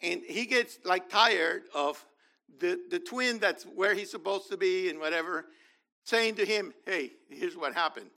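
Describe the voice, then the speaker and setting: Man, preacher, animated sermon, high voice, bright tone, talks to the congregation. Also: unhurried. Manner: animated, acts out biblical figures, talks to congregation. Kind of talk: sermon, Bible teaching.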